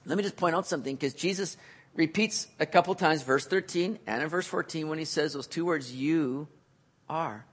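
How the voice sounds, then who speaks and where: A man preaching a sermon, earnest, building to emphatic peaks and then dropping back low. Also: moderate pace, husky.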